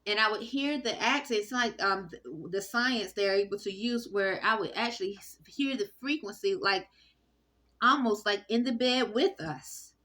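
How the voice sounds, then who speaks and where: Bright-voiced woman rambling in monologue. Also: medium pitch. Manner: halting, many fillers and restarts. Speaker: vlogger. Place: indoor room. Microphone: phone recording.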